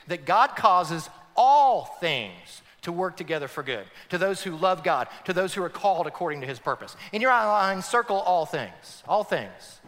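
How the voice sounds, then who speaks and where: A male pastor preaching with lively, swooping emphasis and a high, bright voice. His sermon rings out with a long reverb through a big church hall. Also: normal speed, hardly any pauses. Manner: animated emphatic preaching, addressing the congregation.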